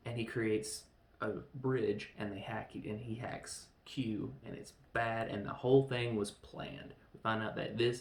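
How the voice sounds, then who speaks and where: A man hosting a podcast, casually recapping a film and acting out quick bits of dialogue as he goes. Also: mid-range voice, vocal fry, roomy sound. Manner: animated retelling with quick acted-out quotes. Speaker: podcast host reviewing films.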